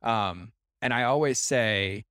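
Podcast host guy, mid-pitched, chill and encouraging, dry close sound. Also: takes it slowly, clear, resonant tone, no echo. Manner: relaxed and affirming, lots of mm-hmms. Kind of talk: casual podcast chat.

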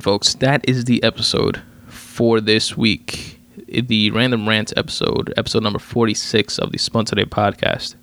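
Low gravelly-voiced man, rambling podcast rant. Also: fairly bright tone. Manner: profane, rambling, many fillers and restarts. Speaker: podcast host. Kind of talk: casual solo podcast rant.

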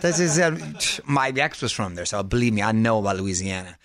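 A man's voice: fairly low pitch, lively intonation, brisk, crowd noise. A man hosting a casual interview in an easygoing, chatty way, laughing along with his guest. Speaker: interviewer host.

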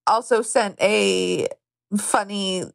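A young woman co-hosts a podcast in a joking, chatty way and laughs easily. Her pitch is medium. The recording is dry and close. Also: fairly even intonation, gravelly, no room sound. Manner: joking, quick to laugh along. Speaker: podcast co-host. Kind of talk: casual chat.

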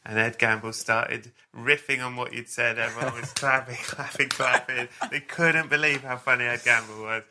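A man's voice: mid-range voice, fairly even intonation, moderate pace, few pauses, background noise. A man hosting a podcast, chatting casually with dry, teasing banter. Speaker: podcast host. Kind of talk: casual chat.

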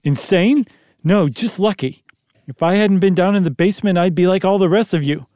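A man's voice: high-pitched, normal speed, dark tone, dry recording, clean studio sound, voice pushed up, lightly acted. A man reading the part of an urgent, commanding father who barks orders, in a story read aloud.

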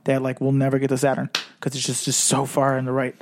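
A man's voice: mid-range voice, monotone, fast talker, slight background noise. A man hosting a casual sports podcast, laid-back and full of filler words. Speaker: podcast host.

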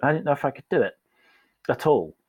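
A man's voice: mid-range voice, very animated, brisk, husky, no echo, poor audio. A man telling a candid, self-deprecating story as a guest in a casual podcast interview. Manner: candid and self-deprecating, acts out quoted voices.

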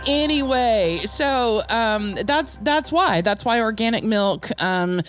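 A woman's voice: a little high, expressive, slow pace, fairly bright tone, soft background music. A woman co-hosting a podcast, chatting casually and telling stories with many fillers. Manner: chatty, storytelling, filler-heavy. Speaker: podcast co-host. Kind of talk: casual chat.

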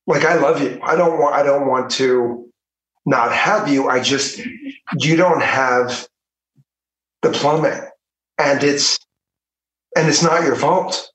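A man speaking as a podcast guest, halting and heartfelt, with many restarts. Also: mid-range voice, a bit bright, distant mic. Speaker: actor guest. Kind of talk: casual podcast chat. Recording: roomy, from the mic.

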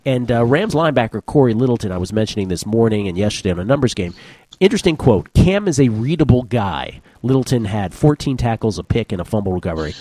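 A man hosting a sports betting podcast, brisk and wry as he leads the picks. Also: medium pitch, animated, dark tone, no echo. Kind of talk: casual sports betting talk.

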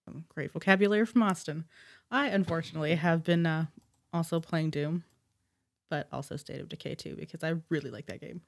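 A woman from Canada co-hosting a casual podcast, giving sarcastic, deadpan comebacks. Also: sits low, fairly quick, creaky. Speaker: podcast co-host. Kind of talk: casual chat.

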